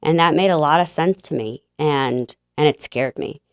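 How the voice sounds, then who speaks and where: A woman guest telling a personal faith story in an interview, halting and emotional, with many fillers and restarts. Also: low-pitched, no echo, studio quality.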